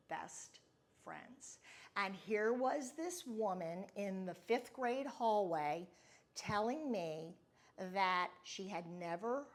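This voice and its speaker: A middle-aged woman talks straight to her listeners as a podcast host, telling a personal story. Her voice is mid-pitched, and her manner is candid and confiding. She stays reflective throughout.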